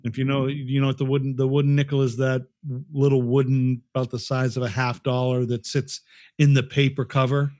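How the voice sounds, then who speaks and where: A man's voice: mid-range voice, little pitch movement, fairly quick, a little mellow, no echo. A middle-aged man co-hosting a podcast, chatting casually and reminiscing in a rambling, profane way. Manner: profane, rambling, restarts often. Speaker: podcast co-host. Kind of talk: casual chat.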